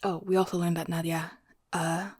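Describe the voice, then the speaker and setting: Woman whispering a husky book recap. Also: lowish voice, level tone, normal speed, dry recording. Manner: hushed, chatty, self-correcting. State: whispering so as not to wake someone. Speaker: book vlogger.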